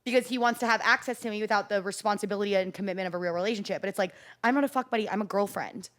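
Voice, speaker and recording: A woman comedian chatting as a podcast guest, telling scattered, profane stories at a rapid clip. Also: mid-range voice, fairly bright tone. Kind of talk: casual podcast chat.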